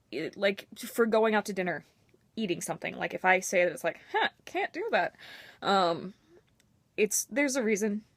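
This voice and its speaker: A woman's voice: mid-range voice, dry recording. A young woman talking candidly and emotionally to her camera in a personal vlog, with a self-mocking edge. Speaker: vlogger.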